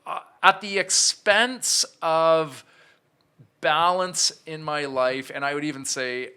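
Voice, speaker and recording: A man in his thirties tells his own story as a podcast guest, candid and reflective, often restarting his sentences. His voice is bright, crisp and smooth. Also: a little high, steady tone, slow pace. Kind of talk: storytelling in an interview.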